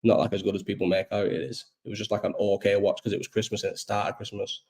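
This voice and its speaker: Young male host, a bit ill and coughing, low voice with a mellow tone, rambling casual live-chat delivery. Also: level tone, fast talker. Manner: rambling, chatty, swears casually.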